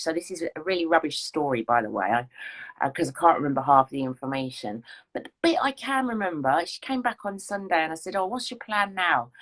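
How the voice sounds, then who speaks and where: A woman's voice: lowish voice, fairly bright tone. A woman, a fitness coach chatting casually in a rambling, self-deprecating way. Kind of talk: casual chat.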